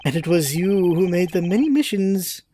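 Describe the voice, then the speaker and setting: A woman voicing a confident male prosecutor, measured and formal as she reads game dialogue aloud. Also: fairly low pitch, expressive, dark tone, slight background noise, natural voice.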